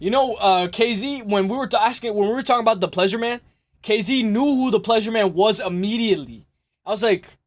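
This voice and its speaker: A man hosting a live stream, chatting casually and excitably with his viewers and laughing often. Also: high voice, a little fast. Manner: excitable, laughs often, talks straight to chat. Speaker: livestream host.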